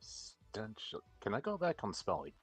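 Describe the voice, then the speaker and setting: A man playing a tabletop game, slow and deliberate, thinking out loud. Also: fairly low pitch, huge pitch swings, husky, soft background music. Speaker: player.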